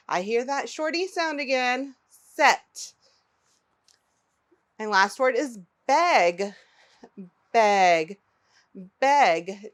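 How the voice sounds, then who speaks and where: Slow, high-voiced children's teacher. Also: female voice, fairly bright tone. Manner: repeats each word slowly, invites children to say it along. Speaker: early-learning teacher. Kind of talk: slow, clearly enunciated phonics lesson for young children.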